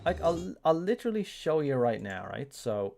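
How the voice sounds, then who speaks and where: Guy streaming a game, emotional and sweary, music going loud behind him. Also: on the high side, sing-song, moderate pace, vocal fry. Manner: candid, emotional, swears freely. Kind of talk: casual live-stream commentary.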